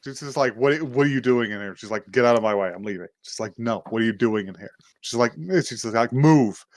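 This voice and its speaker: A man's voice: mid-range voice, a little fast, no room sound. A man co-hosting a podcast, casually recapping an anime episode and acting out the characters' lines with laughs and swearing. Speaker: podcast co-host.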